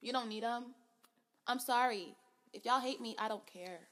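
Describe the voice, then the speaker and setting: A woman's voice: on the high side, moderate pace, fairly bright tone. A woman co-hosting a podcast, giving blunt, opinionated, emphatic reactions in casual chat. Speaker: podcast co-host.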